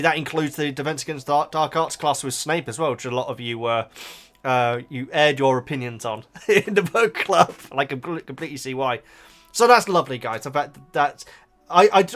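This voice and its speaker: A man hosting a casual book reaction, animated and emotional, with frequent restarts. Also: medium pitch, normal speed, soft background music.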